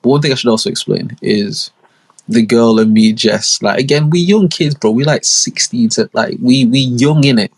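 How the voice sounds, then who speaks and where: A young man hosts a podcast, giving a casual storytelling monologue in a mid-range, darkish voice at a moderate pace. His long stories ramble in slang, full of asides and acted-out quotes.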